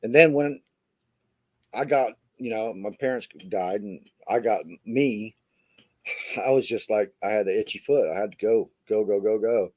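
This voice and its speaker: A man's voice: fairly low pitch, normal speed. A middle-aged American man co-hosting a podcast, telling road stories in a laid-back way and saying "man" a lot. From United States. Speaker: podcast co-host. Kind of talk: casual chat.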